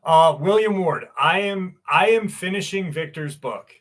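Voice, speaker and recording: Chatty, slightly high-voiced man hosting a live stream. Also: a little slow, a bit bright. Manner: loose, chatty and profane, laughs often. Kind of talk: casual live-stream chat reading viewer comments.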